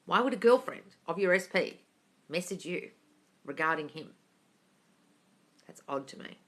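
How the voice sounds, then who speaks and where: Bright-voiced woman answering viewers. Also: lowish voice, animated, unhurried. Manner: warm, gushing, calls viewers darling. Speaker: host answering live viewer questions. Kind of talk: casual live-stream chat.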